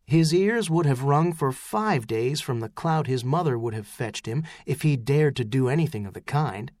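Male audiobook narrator, measured storytelling, lively pitch, dry close sound. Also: dry recording. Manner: measured storytelling, rising into shouts for character lines. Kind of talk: scripted narration.

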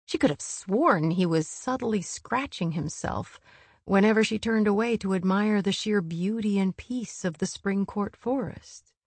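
A woman narrating an audiobook in a calm, measured reading. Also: medium pitch, dry recording. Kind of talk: scripted narration.

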